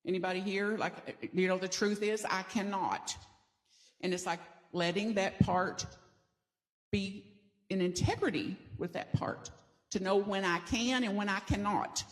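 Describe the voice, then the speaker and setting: Standing in the sanctuary, a middle-aged pastor from the American South delivers her sermon in a playful, conversational way and has the congregation echo lines back in call-and-response. She speaks at a measured pace in a steady, mid-range voice.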